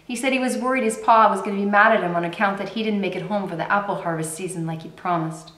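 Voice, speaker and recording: A woman's voice: medium pitch, fast, fairly bright tone, lightly acted. A woman voicing a grim, weary young male soldier telling a somber war story in a roomy space. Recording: roomy echo.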